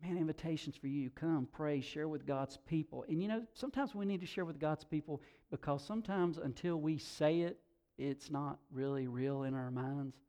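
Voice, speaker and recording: A man's voice: fairly high pitch, warm tone. A male pastor preaching a sermon earnestly, rising for emphasis before a time of invitation.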